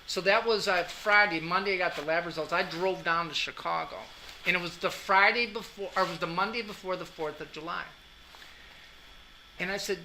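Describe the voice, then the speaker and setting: A male anatomy instructor spins a rambling story for his class, chatty and quick to laugh at his own punchlines. His voice is very bright and sharp, with a faint bed of noise underneath. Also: sits high, poor audio. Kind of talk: lecture anecdote.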